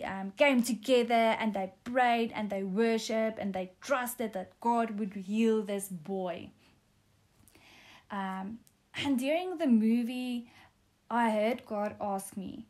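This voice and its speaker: Earnest woman with a raised pitch, delivering an unhurried devotional testimony. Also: a little mellow. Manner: earnest, with frequent um fillers. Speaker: speaker sharing a testimony.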